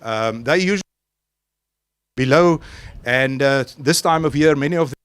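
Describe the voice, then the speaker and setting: A man giving a formal, halting welcome speech outdoors at a coastal colony through a handheld microphone. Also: mid-range voice, a bit bright, clean tone, no echo. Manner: halting, formal, many pauses and restarts. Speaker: conservation official opening an event. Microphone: handheld microphone into a public address.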